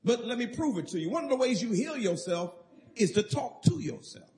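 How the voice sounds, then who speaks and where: High-voiced man preaching emphatically. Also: expressive, a little fast, darkish tone. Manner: emphatic preaching with call-and-response. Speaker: pastor. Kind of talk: sermon.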